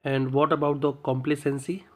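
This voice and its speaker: A man practicing English, asking plain, halting vocabulary questions. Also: on the high side, flat delivery, a little mellow. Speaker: English learner.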